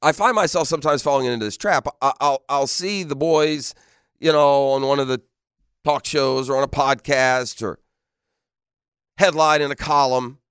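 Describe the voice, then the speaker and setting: A man's voice: medium pitch, normal speed, a bit bright, clear, resonant tone, no room sound, clean studio sound. A man hosting sports radio in a casual, playful way, laughing often and firing off rhetorical questions. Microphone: studio microphone.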